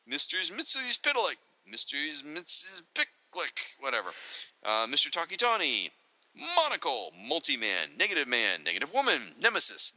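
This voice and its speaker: A man co-hosting a casual chat, reading entries aloud from a reference book and adding excitable, joking asides. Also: medium pitch, no room sound, low-quality recording. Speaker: podcast co-host.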